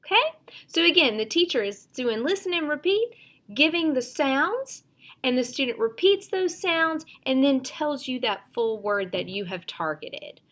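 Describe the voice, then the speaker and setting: A woman teacher explaining phonics drills in a measured, instructional way, with frequent fillers. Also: high-pitched, lively intonation, a bit bright. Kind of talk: instructional lesson, modeling drills.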